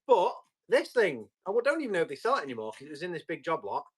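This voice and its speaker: This tool seller talks fast, his voice on the high side with huge pitch swings and a breathy edge. Hosting a live sale in casual auction style, he chats with viewers, answers comments, and describes each item while testing it.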